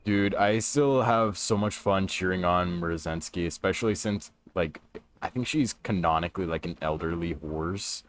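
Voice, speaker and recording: Deep-voiced laid-back young male streamer. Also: normal speed, a little hiss or hum. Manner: laid-back, chatty, greets viewers while playing. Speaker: livestreamer. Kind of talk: casual gaming livestream chat. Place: his room at home. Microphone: stream microphone.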